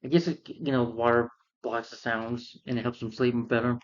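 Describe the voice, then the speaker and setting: A man's voice: medium pitch, little pitch movement, moderate pace, muffled recording, slight background noise. A man retelling a film's plot in a casual, rambling way, full of fillers and restarts. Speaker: film reviewer.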